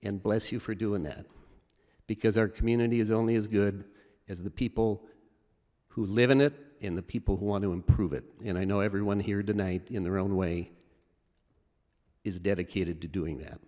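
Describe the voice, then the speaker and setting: A middle-aged man giving an award acceptance speech, halting and emotional, with many fillers and restarts. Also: on the low side, fairly even intonation, dark tone. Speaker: award recipient. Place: large event hall. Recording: reverberant hall with audience.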